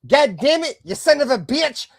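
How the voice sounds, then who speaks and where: High-pitched cursing fan ranting hotly. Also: male voice, very animated, normal speed, no room sound. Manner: heated, cursing, swinging between loud outbursts and low mutters. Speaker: live stream host. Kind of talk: profane fan rant.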